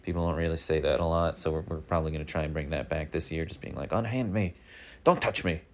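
A man hosting a daily news show, rambling through a comic monologue in a deadpan way with many fillers. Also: a bass voice, rapid-fire. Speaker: daily news podcast host.

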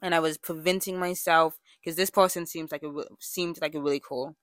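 Chatty young woman with a low, dry voice. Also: fairly even intonation, a little fast, fairly bright tone, dry recording. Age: young adult. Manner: chatty and candid, with frequent fillers and self-corrections. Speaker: podcast host. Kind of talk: casual personal monologue.

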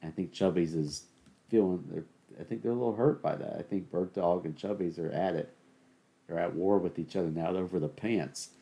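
A man's voice: low voice, fairly quick, warm tone. A man hosting a solo podcast, ranting sarcastically and doing joking play-by-play while watching a game. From suburban Southern US. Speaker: podcast host. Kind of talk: ranting solo commentary over a game broadcast.

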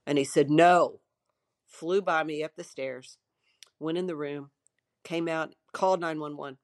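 A middle-aged woman quietly telling her own story in an interview, halting at times and acting out what people said. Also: low voice, fairly even intonation, dry recording, clean studio sound. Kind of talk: personal testimony in an interview.

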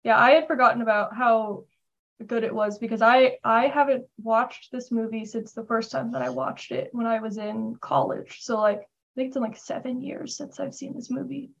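A woman's voice: fairly high pitch, normal speed, creaky, muffled recording. A woman in her late twenties, a podcast guest chatting casually over a video call, giggly and playful. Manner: giggly, animated, playful asides.

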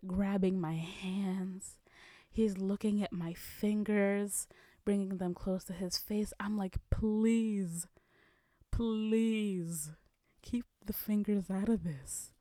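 A young woman vlogger from Kenya telling a story in a casual, animated way, often dropping into breathy whispers. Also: medium pitch, no room sound, studio quality.

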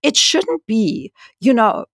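Gravelly, frank woman scientist. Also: on the high side, big pitch swings, slow, no room sound, clean studio sound. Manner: frank and emphatic. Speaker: senior scientist. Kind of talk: conversational interview.

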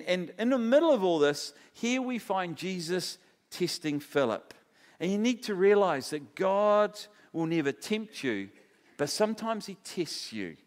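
A man with a New Zealand accent preaching a sermon, telling stories with animated, acted-out dialogue. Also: on the high side, in a large hall. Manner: animated storytelling, acting out quoted dialogue. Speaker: pastor.

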